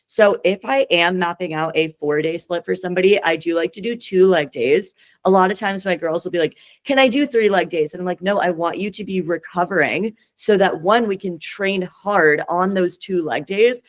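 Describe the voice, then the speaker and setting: A woman's voice: lowish voice, moderate pace. A woman fitness coach talking casually on a podcast, earnest and encouraging as she gives training advice.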